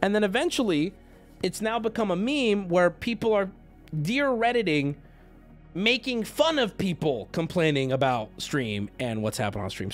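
A man livestreaming and talking casually to his chat, rambling, joking and swearing freely. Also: sits high. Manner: rambling, profane, jokey.

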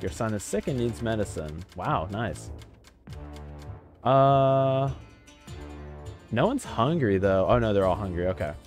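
A man giving excitable, chatty let's-play commentary while playing a video game, swearing casually. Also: on the low side. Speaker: gaming channel host.

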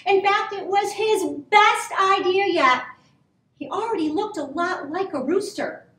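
Lady reading a kids' book slow and sing-songy, high voice, echoey room, mic far off. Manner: gentle, expressive, drawn-out. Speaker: children's story reader. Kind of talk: storybook read-aloud for children. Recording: roomy, from a distance.

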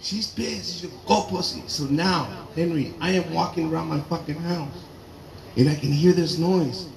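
High, lively stand-up comic in an echoey garage. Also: male voice, moderate pace, vocal fry. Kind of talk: stand-up comedy set. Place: garage show with live audience. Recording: roomy garage with crowd laughter.

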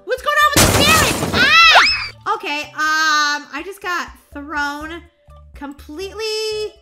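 A woman's voice: extremely high pitch, expressive, slow, over loud music, heavily acted. Woman doing a squealing, bubbly girl. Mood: frantic. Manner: squealing, giggly, breathless exclamations. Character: bubbly, excitable young girl on vacation. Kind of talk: roleplay voiceover for a block-game video.

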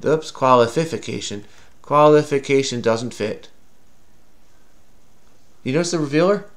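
Working through a casual crossword with a kid, this host speaks unhurriedly in a mid-range voice. He teases the child in good fun and takes his time explaining each clue.

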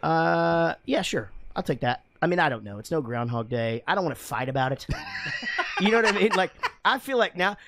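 A man's voice: fairly high pitch, expressive, brisk, fairly bright tone, a little hiss or hum. A man hosting a podcast in casual, rambling chat, swearing often and laughing a lot. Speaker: podcast host. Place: studio room with guests.

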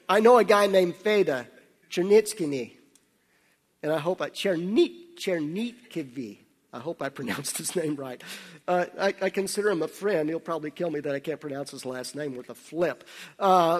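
Guy preaching, tells stories, laughs a lot, pretty high voice, long reverb like a chapel. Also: lively intonation, normal speed. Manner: anecdotal, laughing, drops to hushed tones for serious moments. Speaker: missionary speaker. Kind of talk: sermon with storytelling.

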